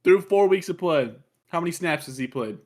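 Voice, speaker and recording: High-voiced man quizzing his co-host. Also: expressive, brisk. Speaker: podcast co-host. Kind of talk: casual sports podcast chat.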